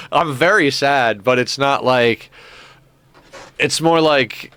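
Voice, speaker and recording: A young man streaming a game, chatting casually and musing out loud, with lots of filler words. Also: mid-range voice, lively intonation, unhurried, clean tone. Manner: rambling, reflective, many filler "like"s; cooing baby talk to a pet. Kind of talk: casual gameplay stream chat.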